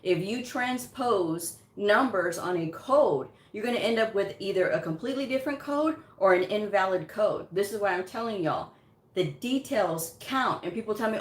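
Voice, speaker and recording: A woman's voice: mid-range voice, expressive, moderate pace. A woman hosting a casual live chat on her channel, giving career advice on medical coding. She speaks emphatically, repeats her points and chuckles often. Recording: roomy echo.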